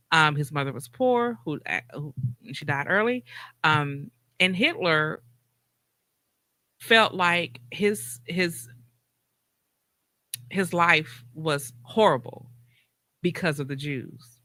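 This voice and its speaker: A woman's voice: low voice, pushed and bright, no room sound. A woman co-hosting a podcast, talking casually and telling a long story with many restarts and fillers. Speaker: podcast co-host.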